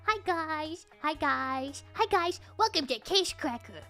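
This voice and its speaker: A young woman chats with her stream audience in a high, sweet voice, bubbly and quick to giggle. She takes her time with each line. Soft music plays faintly underneath. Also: animated. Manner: bubbly, giggly, greets chat over and over. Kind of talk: live game stream chat.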